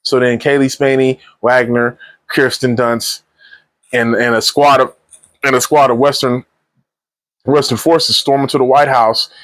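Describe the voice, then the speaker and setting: A man rambles through a spoiler-filled movie review, animatedly retelling scenes with lots of slang and false starts. His mid-range voice moves at an unhurried pace, and the recording is dry.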